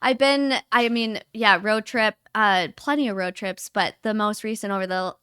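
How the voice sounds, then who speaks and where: A young woman, a guest on a podcast, chatting casually with halting pauses and restarts. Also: medium pitch, pushed and bright, clear, resonant tone, no echo, clean studio sound. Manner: halting, many fillers and restarts, laughs easily. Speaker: guest, neonatal nurse. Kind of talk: casual interview chat.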